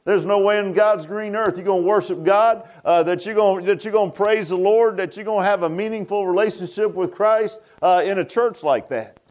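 A pastor preaches in a loose, folksy way, circling back with restarts and asides. His voice sits high for a man. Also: fairly quick, few pauses, darkish tone. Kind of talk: sermon.

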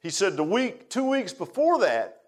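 A man, preaching a sermon in a folksy way, dropping to hushed asides and rising to loud emphatic lines. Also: high voice, huge pitch swings, measured pace. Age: 60s. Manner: folksy, repeats phrases, calls listeners "man". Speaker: pastor.

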